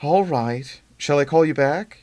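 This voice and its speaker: A man reading aloud, voicing a gentle, worried mother who speaks softly, sometimes in a whisper. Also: a little high, a little slow, voice pushed up, lightly acted.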